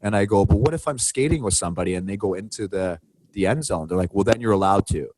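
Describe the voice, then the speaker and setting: A man's voice: fairly low pitch, fast talker, slight background noise. A man co-hosting a podcast, telling a story in casual chat and acting out the quotes in a raised voice. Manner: animated, acts out quotes in raised voice. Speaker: podcast co-host.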